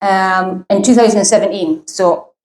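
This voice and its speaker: A woman's voice: mid-range voice, a little slow, darkish tone. Sweary rambling woman comic. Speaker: stand-up comedian. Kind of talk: stand-up comedy set. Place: live comedy venue. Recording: roomy echo.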